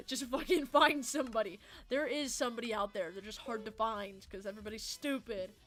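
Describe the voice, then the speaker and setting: A woman's voice: fairly high pitch, fairly bright tone, faint music behind. Chatty, swearing young woman streamer. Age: about 18. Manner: rambling, swears freely, answers chat, quick mood swings. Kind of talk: casual livestream chat while gaming.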